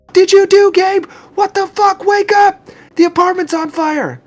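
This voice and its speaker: A man voicing a frantic young mother screaming through a house fire, shrill and panicked. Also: steady tone, measured pace.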